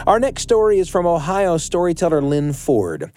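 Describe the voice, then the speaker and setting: A man hosting a storytelling show, reading a measured, friendly introduction from a studio. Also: on the high side, big pitch swings, a little mellow, no echo. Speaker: radio show host. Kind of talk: scripted introduction. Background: faint guitar music.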